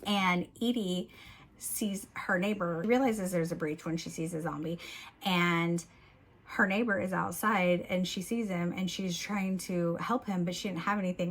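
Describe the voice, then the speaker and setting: Chatty, giggly woman with a lowish voice. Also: steady tone, moderate pace. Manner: chatty and giggly, recapping plots with many "like"s. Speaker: book vlogger. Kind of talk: casual book review chat.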